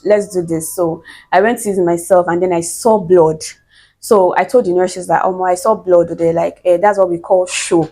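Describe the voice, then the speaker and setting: A woman's voice: fairly low pitch, normal speed. A young woman, casually telling a personal story to camera and acting out the quotes. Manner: animated, laughs often, acts out quotes. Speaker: vlogger telling her birth story.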